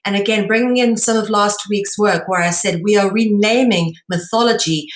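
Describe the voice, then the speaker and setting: A woman from South Africa giving a lecture-style presentation, explaining in a measured way with frequent pauses and ums. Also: mid-range voice, reverberant, poor audio.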